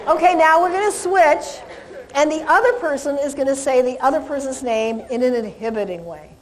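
A woman dog trainer lectures a live seminar audience, animated and laughing, singing out names in a high voice. She speaks at a moderate pace over a background crowd, and the recording is rough.

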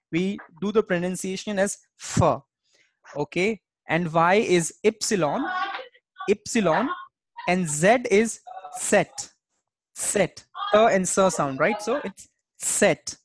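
Teacher, unhurried, patient drilling, dry close sound, online class. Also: medium pitch, dry recording. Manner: patient, repetitive pronunciation drilling. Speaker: German language teacher. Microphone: video call.

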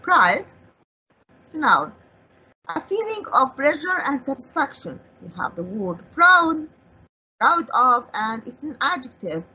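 A woman's voice: high-pitched, sing-song, unhurried, bright, forceful tone, slightly rough. A woman with an Egyptian accent, an Arabic speaker teaching an English vocabulary lesson, who asks and answers her own questions as she explains each word. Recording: dull lo-fi broadcast audio.

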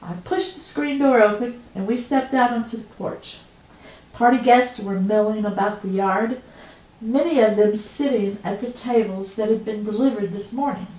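A woman author reading her own novel aloud in the first person, with steady, intimate storytelling. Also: mid-range voice, moderate pace. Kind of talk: first-person audiobook narration. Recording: roomy echo.

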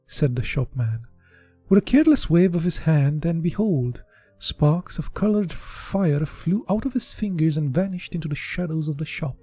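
A man's voice: fairly high pitch, expressive, moderate pace, dark tone, husky, no echo, faint music behind. A man from Eastern Europe doing a casual, unpolished live reading of a book, with slips and restarts. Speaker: audiobook reader.

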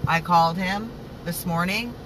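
A woman's voice: on the low side, normal speed, noisy background. A woman rescue activist talking angrily and emotionally, swearing as she vents in a live video. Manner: angry, upset, swearing.

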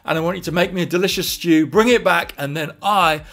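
A man voicing a frail, nearly blind old father who doubts what he hears, in a loud Southern American drawl. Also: fairly high pitch, fairly quick, creaky. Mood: instructing. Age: older.

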